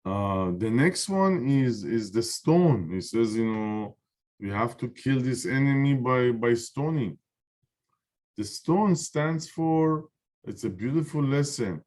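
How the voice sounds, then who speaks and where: A middle-aged man teaching a Zohar class, earnest and repetitive, often pausing on fillers. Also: mid-range voice, animated, a little mellow. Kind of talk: spiritual lesson.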